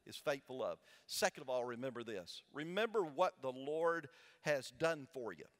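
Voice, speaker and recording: A man's voice: medium pitch, lively intonation, normal speed, fairly bright tone. A male pastor preaching a sermon in a large church with a balcony. He uses call-and-response, posing questions for the congregation to answer back. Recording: long church hall reverb.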